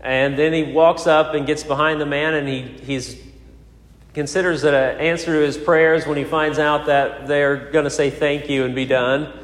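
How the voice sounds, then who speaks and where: Preacher in a reverberant hall. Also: male voice, a little high, level tone, normal speed. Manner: storytelling with frequent fillers and restarts. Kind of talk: sermon. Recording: echoey hall.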